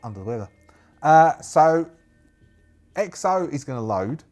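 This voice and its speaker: A man's voice: a little high, sing-song, unhurried, a little mellow. A man narrating a solo tabletop game, chatty and rambling, laughing to himself. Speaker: game master.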